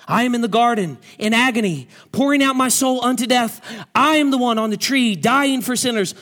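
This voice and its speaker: A man voicing a thin, gangly lay preacher who pleads loudly and keeps repeating himself with heavy emphasis. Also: extremely high pitch, fairly quick, pitched above the performer's own voice. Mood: pleading. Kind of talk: dramatic quoted preaching.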